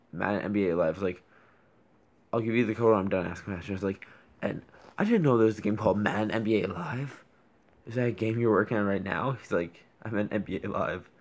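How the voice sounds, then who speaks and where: A man's voice: deep voice, creaky. A teenage boy casually retelling an online chat, rambling and reading the messages aloud. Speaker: YouTuber recounting a chat. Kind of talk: casual storytelling.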